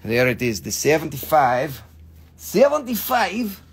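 A man's voice: medium pitch, moderate pace, vocal fry, a little hiss or hum. A man hosting a live gem sale show, chatty and joking, swearing casually, with phrasing. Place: gem shop studio.

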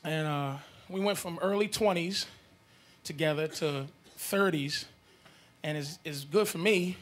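A man in his thirties doing a profane stand-up set, telling brash stories and bursting into shouted character voices. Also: fairly high pitch, measured pace. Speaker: stand-up comedian. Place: comedy club stage. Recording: live club recording with loud crowd laughter and noise.

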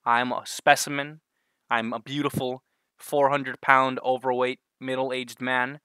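A man's voice: medium pitch, flat delivery, a little slow, pushed and bright, clear, resonant tone, no echo, clean studio sound. A man vlogging a crude, sarcastic comedic rant, often breaking into laughter at his own jokes.

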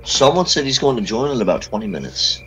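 A man in a casual co-op game chat who yells and swears as the action heats up. His pitch leaps all over the place, with faint noise behind him. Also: fast, poor audio. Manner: loud, excitable, yells and swears. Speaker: gamer.

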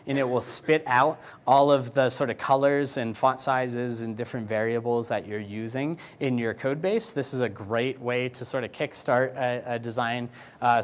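A man giving a casual, joking conference keynote. He now and then acts out clients and coworkers in quick, higher voices. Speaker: keynote speaker. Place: conference stage.

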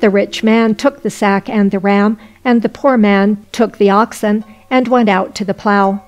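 Woman reading an old fairy tale aloud, steady and even, mid pitch, faint music under it. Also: a little slow. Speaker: narrator. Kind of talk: audiobook folk tale reading.

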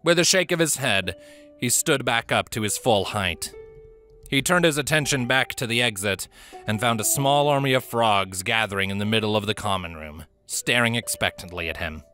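A man narrates a fantasy audiobook with steady, even storytelling. His voice is low yet bright and forward, and he reads at an easy, measured pace. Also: faint music behind.

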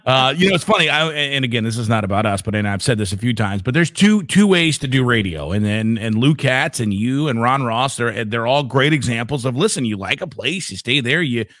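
A man's voice: mid-range voice, lively intonation, a little fast, hardly any pauses, a bit bright, dry recording, clean studio sound. A man co-hosting an interview about radio careers, joking around and often laughing. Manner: laughs a lot, jokey. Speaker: co-host. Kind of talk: casual interview chat.

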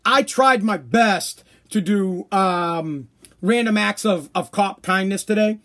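A man rants on his podcast. His voice sits very high for a man, and he talks bluntly and profanely. The delivery is loose and casual. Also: slow, a bit bright. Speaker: podcast host. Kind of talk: casual ranting podcast monologue.

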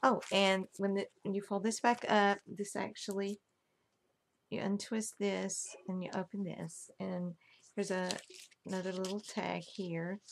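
A woman's voice: medium pitch, little pitch movement, unhurried, vocal fry, a little hiss or hum. A woman casually showing off a handmade album she crafted, gushing over every detail. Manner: gushing, admiring each detail. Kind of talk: casual craft show-and-tell.

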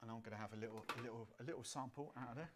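A woman's voice: rumbling low, rapid-fire, background noise. A woman hosting a live cocktail show, chatting and joking easily and laughing often. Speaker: host and cocktail instructor. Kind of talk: casual live-stream chat.

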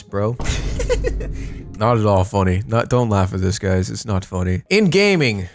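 A man streaming casually while high, animated and giggly, swearing freely as he chats. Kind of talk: casual livestream chat.

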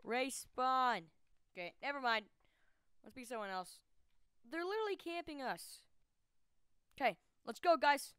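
Woman gamer, high and very lively voice, excitable chatty commentary, dry close sound. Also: measured pace, long pauses, clean tone, no echo. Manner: excitable and chatty, jumping from yelps to low mutters. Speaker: gamer hosting her own channel. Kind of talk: casual gameplay commentary.

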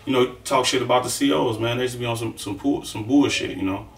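A middle-aged man with a medium-pitched, ordinary mid-register voice and some vocal fry tells a long, rambling story about prison life at a quick pace. He swears freely and keeps checking in with "you know what I'm saying" in this casual monologue. The distant mic in an echoing room gives a roomy sound with slight background noise.

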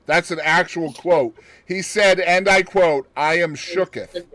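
A man's voice: sits high, steady tone, unhurried, fairly bright tone. A man co-hosting a podcast, reading out a news story in casual chat and adding joking asides with frequent laughter. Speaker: podcast co-host.

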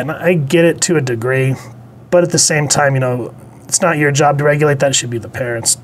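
A man's voice: a little high, a little fast, slight background noise. A man giving a casual spoken comic book review, chatty and digressive, blunt, with casual swearing.

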